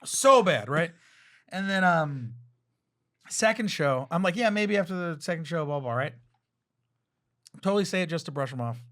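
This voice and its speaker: A man with a fairly high, bright voice spins loose, profane stories in a casual chat. He laughs through his own punchlines as a guest comedian on a talk show. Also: moderate pace, long pauses. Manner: animated, profane anecdotes with laughing asides.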